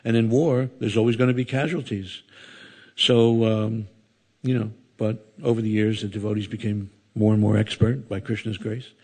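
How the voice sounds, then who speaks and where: A man's voice: lowish voice, fairly even intonation, normal speed, darkish tone, slightly rough. An older man giving a sermon to a temple audience, telling a story with many asides and acting out the voices. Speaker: temple speaker. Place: temple hall before an audience.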